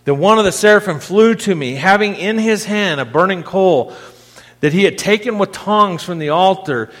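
A man's voice: high-pitched, expressive, normal speed, a bit bright, in a large hall. A man preaching a sermon in a conversational way, often repeating and restarting words and rising in force when he quotes scripture. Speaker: pastor.

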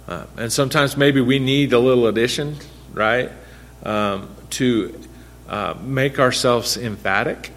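A man teaches a small church group in an easy, conversational sermon style. His voice sits at an ordinary middle pitch. He keeps asking the group questions and repeats key lines for emphasis. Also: unhurried, a bit bright. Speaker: pastor leading a Bible study.

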